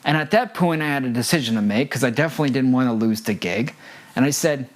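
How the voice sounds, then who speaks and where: A man's voice: mid-range voice, fast talker. A man who works as a front of house audio engineer, giving an earnest instructional talk with personal stories and repeating his key points for emphasis.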